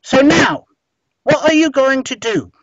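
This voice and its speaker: A man's voice: high-pitched, very animated, normal speed, a bit bright, no echo. A man voicing a playful, mischievous young male sidekick character who co-hosts a podcast, teasing the guest and spinning silly stories. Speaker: co-host. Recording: dry, slightly muffled podcast audio.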